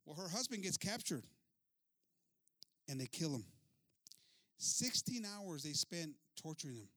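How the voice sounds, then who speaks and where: Stammering bilingual preacher, fairly high voice. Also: male voice, very animated, a little slow, fairly bright tone, dry recording. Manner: stammering restarts, repeating words, calling listeners brothers. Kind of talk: bilingual sermon, interpreting himself.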